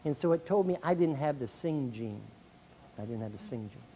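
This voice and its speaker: A man's voice: a little high, normal speed. Middle-aged guy speechifying to teachers, voice swings all over, faint hiss behind. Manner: animated, acts out complaints in a raised voice. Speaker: speaker. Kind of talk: motivational speech to school staff. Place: speech hall, recorded 1990.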